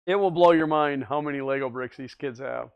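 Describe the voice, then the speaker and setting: A man's voice: medium pitch, brisk, vocal fry, clean tone, highs cut off. A man hosting a livestream, chatting casually and reading viewer comments aloud, easygoing and often laughing. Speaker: livestream host.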